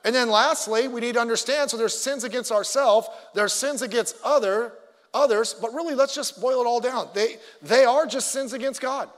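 A man's voice: extremely high pitch, normal speed, fairly bright tone. A middle-aged man preaching a sermon, telling stories animatedly with stammered restarts and acted-out voices. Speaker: pastor. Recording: long hall reverb.

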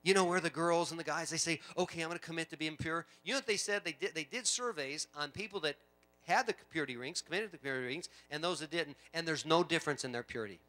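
A middle-aged pastor delivers a sermon in a church, his voice bright and somewhat high for a man. He talks in a conversational way, full of asides and repetitions, then swells into loud, emphatic preaching. The tone stays edged and forceful. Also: fast talker. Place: church sanctuary.

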